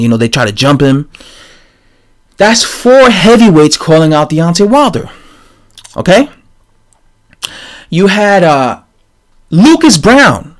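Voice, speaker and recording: A man giving a casual, rambling opinion rant on his channel, animated and full of fillers and restarts. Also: fairly high pitch. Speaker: boxing commentator vlogger.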